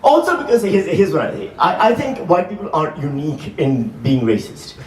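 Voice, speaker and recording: A man's voice: a little high, sing-song, a little fast. A man in his forties performing stand-up comedy live, doing crowd work with the audience. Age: 40s. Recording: roomy live hall, distant mic, crowd laughter.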